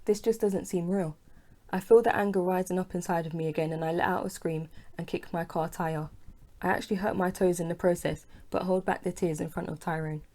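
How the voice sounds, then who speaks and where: A woman narrating her own novel as an audiobook, in a lowish, warm voice. She reads steadily in the first person, giving the lines a little feeling. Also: a little fast. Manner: plain, steady reading, dialogue voiced with mild feeling.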